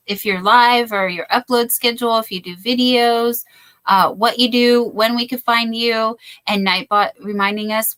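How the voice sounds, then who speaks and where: A chatty woman hosts a relaxed livestream, greeting viewers and reading their comments aloud. Her voice is bright and forward, and she talks in a loose, friendly way. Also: medium pitch, measured pace. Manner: chatty, reads out viewer comments, apologetic asides. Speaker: livestream host. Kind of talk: casual livestream chat.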